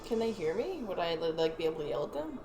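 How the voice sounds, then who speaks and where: A woman's voice: on the low side, sing-song, quick pace. A woman playing in a tabletop game, chatting casually and asking questions. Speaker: player. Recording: echoey room, faint noise.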